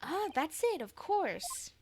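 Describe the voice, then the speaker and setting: A woman's voice: extremely high pitch, wildly swooping pitch, slow, background noise, voice pushed up, heavily acted. Woman doing a flustered young lawyer. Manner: flustered, bluffing. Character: flustered young male lawyer, bluffing and unsure. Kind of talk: reading game dialogue aloud.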